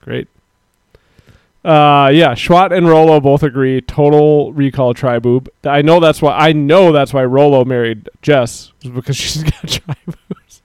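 A man's voice: on the high side, unhurried, darkish tone, clear, resonant tone, dry recording, clean studio sound. A man co-hosting a livestream, bantering crudely, laughing often and reading chat aloud. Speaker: livestream co-host.

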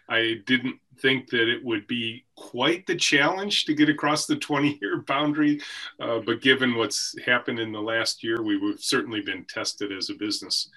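Husky-voiced man, bright and forceful. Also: mid-range voice. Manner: reflective, story-telling, occasional laughs. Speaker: company CEO and guest. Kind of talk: conversational podcast interview. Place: office with a team room behind him.

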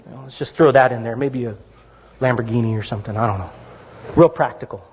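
Husky middle-aged pastor preaching, chatty and lively, dull lo-fi sound, long hall echo. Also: male voice, mid-range voice, fast. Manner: conversational, animated storytelling with asides. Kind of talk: sermon. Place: church sanctuary.

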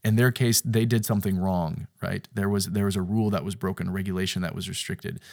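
Gravelly-voiced man preaching with swings. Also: sits low, fairly even intonation, fast talker. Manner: emphatic, repeats phrases, swings from hushed near-whispers to loud. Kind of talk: sermon-style podcast talk.

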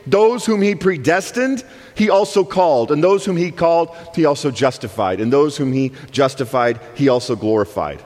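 A man preaching a sermon as guest speaker, emphatic, swinging between soaring lines and hushed ones. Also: a little high, normal speed. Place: church sanctuary. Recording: long reverb of a church hall.

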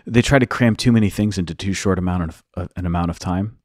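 A man's voice: low-pitched, fast, dry recording, clean studio sound. A man co-hosting a casual podcast as a youth minister and teacher, explaining at length with many restarts.

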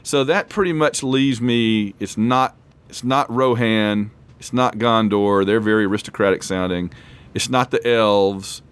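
A man's voice: lowish voice, a little slow, clear, resonant tone. A man hosting a casual trivia quiz, rambling and self-deprecating as he reads questions and reacts. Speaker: quiz host.

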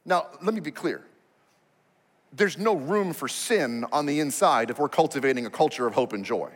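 A male pastor preaches in a high, animated voice that swoops up and down, talking to the congregation in a conversational, emphatic way. His words carry a long reverb from a large hall. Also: normal speed. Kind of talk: sermon.

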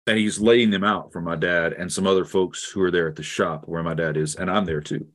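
A middle-aged man, a guest theologian, telling a personal story in an earnest, halting way with many restarts. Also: low-pitched, steady tone, fairly bright tone. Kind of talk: reflective storytelling in conversation.

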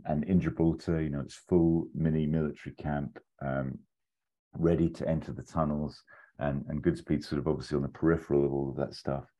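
Very deep, dark-voiced man. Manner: rambling, animated retelling with quoted lines and laughs. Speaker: podcast co-host pitching a film plot. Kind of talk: casual storytelling chat.

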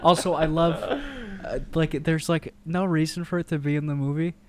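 A man's voice: on the high side, little pitch movement, moderate pace. A young man in casual conversation, enthusiastically retelling movie scenes and quoting characters as he goes.

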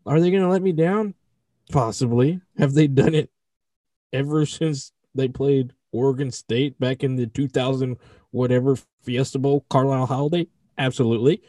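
A young man co-hosting a podcast, animated and jokey, swearing freely in casual chat. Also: medium pitch, moderate pace, no room sound, clean studio sound. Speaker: podcast co-host.

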